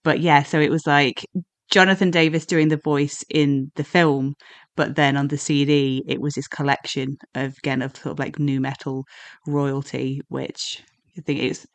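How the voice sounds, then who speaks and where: A woman's voice: low-pitched, fairly even intonation, normal speed, no room sound. A woman co-hosting a podcast, chatty and informative with lots of fillers. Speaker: podcast co-host. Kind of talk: casual podcast chat.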